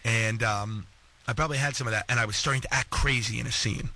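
A man from New York, a guest actor, telling stories in a casual radio chat, fast and animated with lots of fillers. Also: mid-range voice.

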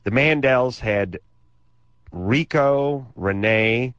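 A man's voice: medium pitch, very slow, fairly bright tone, clear, resonant tone, no room sound. A man telling comic stories on a late-night call-in radio show, sarcastic and rambling. His voice sits in a middle register and drifts into wild exaggeration and crude asides. The studio sound is dry and a little dull. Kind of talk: comedic storytelling on call-in radio. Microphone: studio microphone.

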